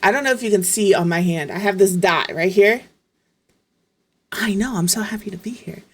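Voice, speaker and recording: A woman's voice: medium pitch, moderate pace, slightly rough. A woman streamer in casual chat, telling stories in a profane, exasperated way.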